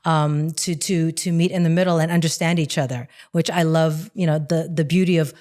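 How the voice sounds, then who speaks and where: Lively middle-aged woman telling stories. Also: deep voice, brisk. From Hawaii. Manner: animated storyteller, acts out quotes. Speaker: guest actress. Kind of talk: casual interview chat.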